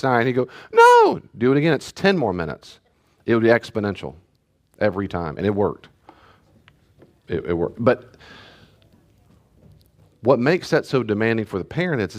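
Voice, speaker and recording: A male pastor giving a conversational teaching talk with animated storytelling, often laughing and acting out what people said. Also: mid-range voice.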